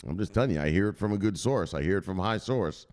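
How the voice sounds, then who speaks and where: A man doing a calm, stubborn ark builder. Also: fast. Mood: insistent. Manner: low and insistent.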